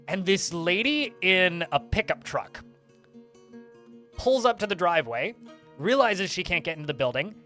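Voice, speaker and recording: Streamer guy rambling thru a story, lively up and down voice, kinda high, faint music. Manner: animated, rambling anecdote with many fillers. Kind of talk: casual storytelling while playing a game.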